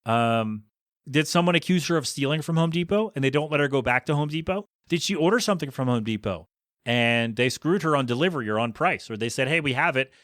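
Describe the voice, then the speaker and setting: A man hosting a podcast tells a story in an easy, chatty way. He slips into the voices of the people in it as he goes. His voice sits at a middling pitch and sounds dry and close to the mic. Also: fairly bright tone, dry recording. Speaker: podcast host. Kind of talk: casual storytelling.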